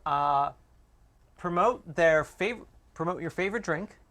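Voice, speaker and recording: A man's voice: fairly high pitch, unhurried. A man hosting a charity stream, setting up a game in casual on-air chat. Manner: easygoing, lively.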